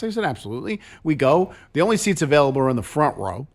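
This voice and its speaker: A man's voice: a little high, quick pace. A man co-hosting a show in casual chat, telling stories expressively and acting out quotes. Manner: expressive storyteller, acts out quotes. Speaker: co-host.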